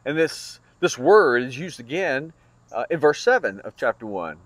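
A man's voice: mid-range voice, very animated, moderate pace, no room sound. A man teaching a Bible study lesson in an earnest, explanatory way, with small restarts and fillers.

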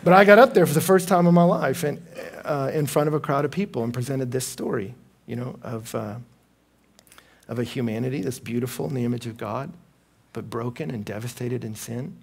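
With a brisk, creaky, husky voice, a man preaches to a live audience. He brings his stories to life by acting out the quoted voices, swinging sharply up and down in pitch.

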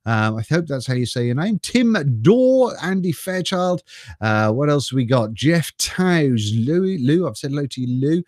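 A man's voice: fairly high pitch, sing-song, measured pace, a little mellow, dry recording, studio quality. An English man chatting casually on a live stream, greeting viewers by name and laughing often, speaking into a desk mic through a mixer. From England. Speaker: vlogger reading live chat.

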